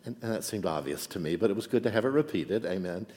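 A man's voice: low voice, animated, fast talker, darkish tone, in a large hall. A man preaching a sermon as pastor, telling a story in a chatty way and often asking for an amen. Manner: chatty, asks for amens and "right?".

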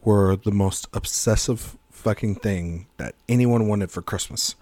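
A man's voice: on the low side, unhurried, mellow, dry recording. A man co-hosting a casual film podcast, rambling through jokes and tangents, swearing freely and laughing mid-sentence. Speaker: podcast co-host.

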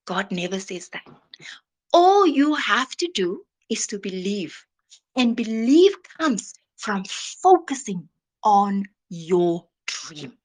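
A woman giving an inspirational sermon, dramatic and often dropping to a soft whisper. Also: mid-range voice, very animated, slow. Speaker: motivational speaker.

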